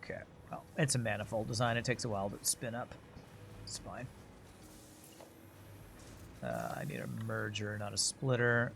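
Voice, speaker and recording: A man's voice: on the low side, lively intonation, moderate pace, vocal fry, pauses often, fairly bright tone, a little hiss or hum. A man streaming a game live, thinking aloud in rambling, self-mocking casual commentary.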